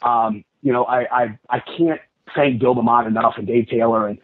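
A man telling stories as a podcast guest, rambling and acting out dialogue as he goes. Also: medium pitch. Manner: rambling, quick, lively with acted-out dialogue. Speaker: guest, pro wrestler. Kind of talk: casual storytelling on a podcast. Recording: tinny phone-line sound.

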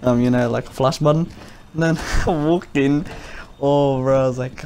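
A man's voice: medium pitch, fairly even intonation, normal speed, a little hiss or hum. Rambling young guy telling a story. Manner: rambling, giggly, jumps into loud quoted voices. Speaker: vlogger. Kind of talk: casual storytelling.

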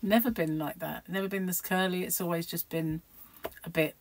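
A woman's voice: lowish voice, fairly even intonation, moderate pace, rough recording. A middle-aged woman vlogging at home in a rambling, chatty, self-mocking way. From United Kingdom. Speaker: crochet vlogger. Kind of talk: casual chat to camera.

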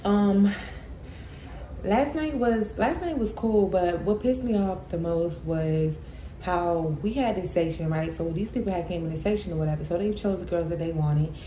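A woman's voice: lowish voice, moderate pace, warm tone, a little hiss or hum, low-quality recording. A woman vlogging in casual chat, blunt and profane, talking straight to her viewers.

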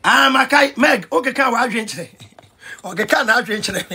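Husky high-pitched Ghanaian man. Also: moderate pace. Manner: excitable, switching between pidgin and Twi, shouting and laughing. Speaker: vlogger. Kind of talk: animated commentary rant.

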